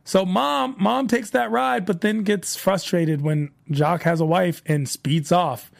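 A man hosting a solo aftershow, retelling scenes in a chatty, animated way and voicing the characters' lines. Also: high voice, creaky. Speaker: podcast host recapping a TV show.

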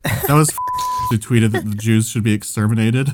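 A man's voice: on the low side, huge pitch swings, moderate pace, heavy background noise. A sleep-deprived man co-hosting a podcast, scattered and giggly in casual chat. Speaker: podcast co-host.

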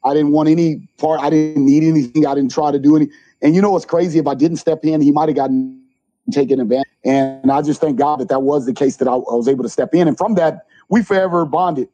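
Man, coach, middle-aged, animated storyteller, darker mellow tone, higher-pitched voice. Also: fast, highs cut off, faint music behind. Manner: animated storyteller, acts out quotes. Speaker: junior college basketball coach. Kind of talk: interview storytelling.

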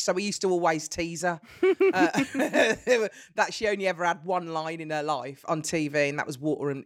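A middle-aged woman with a Birmingham accent, a guest telling lively stories in an interview and laughing easily. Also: lowish voice, moderate pace. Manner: animated storyteller, laughs easily. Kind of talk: conversational interview.

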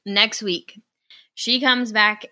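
With a medium-pitched voice on a dry recording, this young podcast co-host recounts a story casually. She's animated, eager to mimic what others said, and curses when something annoys her.

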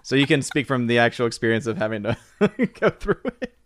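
A man hosting a live stream in casual chat, joking and talking in a slightly halting way. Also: mid-range voice, sing-song, fairly bright tone, dry recording, clean studio sound. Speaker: stream host.

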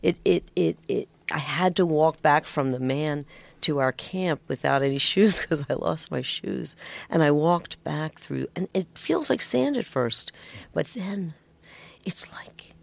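A man's voice: fairly high pitch, lively intonation, unhurried, vocal fry. A male guest talking eagerly in a casual chat, keen to show and explain things. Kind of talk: casual conversation.

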